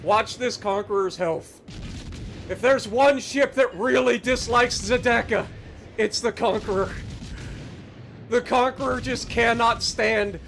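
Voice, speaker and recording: A male streamer commentating live gameplay with a very high, sharp and bright voice. He drags his words out slowly, bellows battle cries and taunts opponents with cheeky swearing in a hammy mock German manner. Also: soft background music. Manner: excitable, yelling battle cries. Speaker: game streamer.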